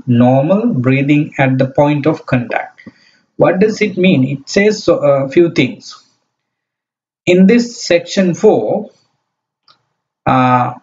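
Guy teaching meditation, real slow and halting, lots of ums, kinda dull lo-fi sound. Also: on the high side. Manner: slow, hesitant, many fillers. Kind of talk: meditation lesson.

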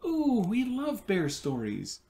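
An eager little girl full of excited questions, pitched well up and bouncing with lively swings, as a man puts her on. The voice stays dark and mellow underneath, and the pace is quick. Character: eager curious young girl.

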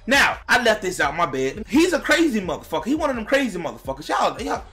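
Young guy for a vlog storytime: lively swooping delivery, bright edge, loud cussing bursts, faint music under it. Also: sits high, fast. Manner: animated, profane, talks straight to viewers, bursts into shouts. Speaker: vlogger telling a personal story. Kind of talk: casual storytime monologue to viewers.

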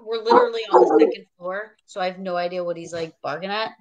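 Excitable woman telling ghost stories. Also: on the low side, fast talker, vocal fry, highs cut off, a loud crowd. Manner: excited storyteller, says "like" a lot. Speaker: podcast host. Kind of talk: casual chat.

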